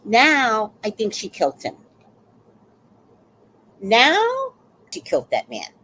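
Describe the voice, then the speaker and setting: Animated woman talking slowly on a livestream. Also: on the high side. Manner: emotional, animated storytelling. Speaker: livestream host. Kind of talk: casual livestream talk, reading chat.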